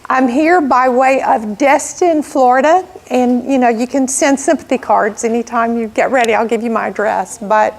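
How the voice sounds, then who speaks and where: Slow-talking Alabama woman in her sixties. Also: a little high. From South Alabama. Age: 60s. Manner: slow, folksy, self-teasing. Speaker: guest speaker. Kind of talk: motivational talk. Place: meeting room.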